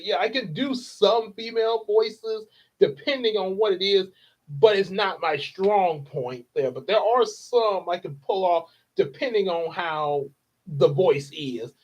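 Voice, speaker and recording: A man hosting a channel update, chatting casually and rambling with lots of fillers. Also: high voice. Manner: rambling, many fillers and laughs. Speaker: channel host and actor. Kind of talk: casual chat. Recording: dull lo-fi sound.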